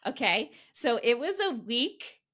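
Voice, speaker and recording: A middle-aged woman hosting a podcast candidly tells a personal story, emphatic and swearing freely as she animatedly retells events. Her voice is a little high and she takes it slowly.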